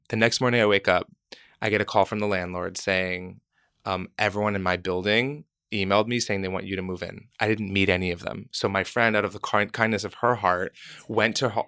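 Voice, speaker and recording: A man's voice: on the low side, no echo, studio quality. A man casually telling a long personal story, acting out the voices of people in it. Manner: animated, acts out quoted voices.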